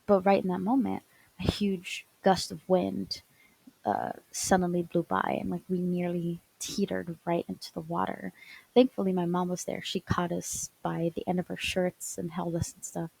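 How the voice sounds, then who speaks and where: A woman's voice: fairly low pitch, flat delivery, moderate pace, creaky, a little mellow, breathy edge, low-quality recording. A young woman narrating a personal childhood story for a class project, stumbling and restarting often and sometimes dropping to a whisper. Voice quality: stutters often, many fillers and restarts. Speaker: student storyteller.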